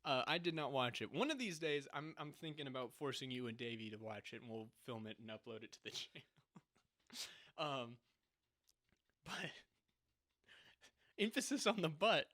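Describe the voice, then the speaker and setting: A man's voice: mid-range voice, animated, brisk, fairly bright tone. A young man co-hosting a podcast, talking casually and sarcastically, often breaking into laughter as he mocks what he describes. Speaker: podcast co-host. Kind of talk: casual chat.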